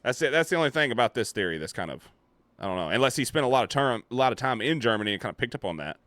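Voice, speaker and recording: A man talking through a reaction video in a loose, rambling way, cursing casually as he thinks out loud. His voice sits in the middle range and is recorded dry and close, with no room sound around it. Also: medium pitch, racing, dry recording. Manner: animated, rambling, swears casually. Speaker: commentary YouTuber reacting to a video.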